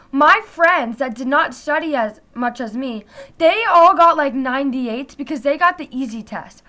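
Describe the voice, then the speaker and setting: Teenage girl, high voice, chatty, casual storytime, frequent "like". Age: teens. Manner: chatty, heavy use of "like", animated retelling. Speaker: vlogger.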